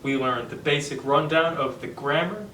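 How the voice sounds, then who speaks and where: A man co-hosting a language lesson, slowly and deliberately explaining grammar with example sentences. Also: on the high side, bright, forceful tone, far from the mic. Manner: slow, deliberate, checks in with partner. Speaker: co-host teaching Esperanto. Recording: echoey room, mic set back, faint noise.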